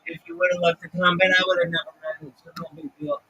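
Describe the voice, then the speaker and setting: A man's voice: sits high, animated, fast talker, gravelly, bright, forceful tone, slightly rough, dry recording, poor audio. A man talking casually on his livestream, ranting and swearing freely. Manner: profane, ranting.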